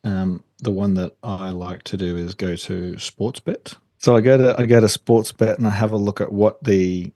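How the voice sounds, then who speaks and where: A man co-hosting a podcast, relaxed with a dry humour. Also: lowish voice, normal speed, hardly any pauses, no echo. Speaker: podcast co-host. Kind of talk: casual chat.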